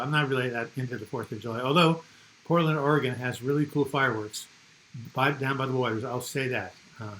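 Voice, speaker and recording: A man's voice: medium pitch, a bit bright, a little hiss or hum, poor audio. An older man from the United States hosting a casual live chat, rambling and reading viewer comments aloud.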